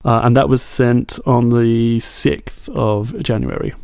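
A man chatting as a podcast co-host, his voice carrying a gravelly edge. He is recorded close and dry, with no room sound. He plays up the messages he reads aloud with mock drama. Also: mid-range voice, fairly even intonation, slow, darkish tone, no room sound. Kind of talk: casual chat.

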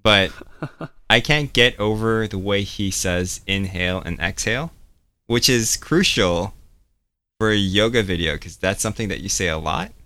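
A man's voice: fairly low pitch, lively intonation, normal speed, pushed and bright, no echo. A young man chatting casually on a podcast, laughing often and drawing words out when he demonstrates them. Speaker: podcast co-host. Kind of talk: casual chat.

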